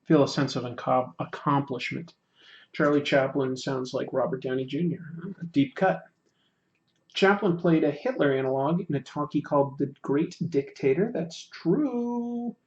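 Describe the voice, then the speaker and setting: A man's voice: on the high side, moderate pace, a little mellow, highs cut off. A man hosting a casual livestream, reading chat aloud and joking about himself while he draws. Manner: reads chat aloud, self-deprecating and joking. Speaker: livestream host.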